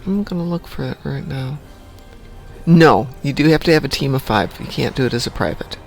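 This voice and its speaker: Raspy guy rambling on his morning stream at home, faint music behind. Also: medium pitch, a little fast. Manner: rambling, chatty, self-joking. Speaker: live stream host. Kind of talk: casual morning stream chat.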